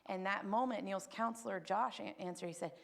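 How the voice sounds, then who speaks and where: Woman giving a spoken testimony, emotional storytelling with a touch of vocal fry. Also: medium pitch, fairly quick. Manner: emotional, animated storytelling with acted quotes. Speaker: testimony speaker at church.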